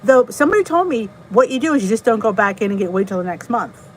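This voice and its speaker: A woman's voice: a little high, big pitch swings, fast talker, low-quality recording. Chatty jersey lady doing a live chat, greets viewers, laughs at herself, bit of hiss. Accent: New Jersey. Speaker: channel host reading live chat. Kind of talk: casual live-stream chat.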